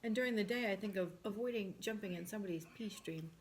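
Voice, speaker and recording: A woman's voice: mid-range voice, quick pace, a little hiss or hum. A woman with a New York accent, co-hosting a casual chat over a meal, blunt and teasing, with frequent laughter. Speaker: co-host. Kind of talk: casual chat while eating.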